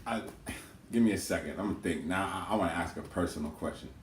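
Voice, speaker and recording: Deep-voiced man, emphatic, echoey room. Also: quick pace, distant mic, a little hiss or hum. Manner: emphatic and explanatory. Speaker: vlogger twin. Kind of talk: casual chat.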